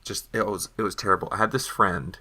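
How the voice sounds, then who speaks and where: A man's voice: deep voice, quick pace, sharp tone, breathy edge. A young adult man co-hosting a podcast, telling stories in casual chat and acting out the lines he quotes. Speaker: podcast co-host.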